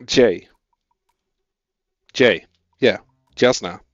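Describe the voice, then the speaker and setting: A man's voice: lowish voice, extremely slow, no echo, muffled recording, soft background music. A man with a Dutch accent, a native Dutch speaker, thinking aloud as he codes and chatting with viewers on a casual live stream.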